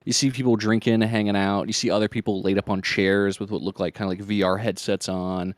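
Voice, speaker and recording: A man's voice: lowish voice, flat delivery, fast, no echo. A man narrating a tabletop game as game master, casual and rambling.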